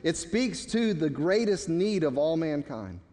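A man's voice: on the high side, very animated, unhurried, dark tone. A man preaching a sermon in a church, emphatic, with stammered restarts. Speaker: pastor. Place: church sanctuary. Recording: long hall reverb.

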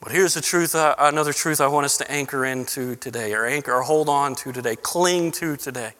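A man's voice: mid-range voice, brisk, bright, forceful tone, in a large hall. A man preaching a sermon as pastor, repeating words as he builds, rising into passionate pleading. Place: church sanctuary.

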